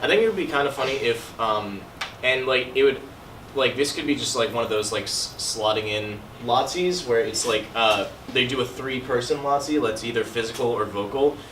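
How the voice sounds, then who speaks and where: Teen guy pitching a scene idea, says like a lot, echoey classroom, noisy far mic. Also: moderate pace, fairly bright tone. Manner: rambling, heavy on "like" and "um". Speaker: student.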